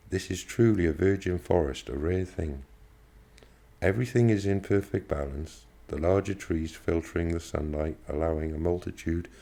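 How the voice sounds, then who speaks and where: A man's voice: sits low, creaky, dark tone. A man reading aloud, voicing a fit middle-aged man who talks eagerly about old forests.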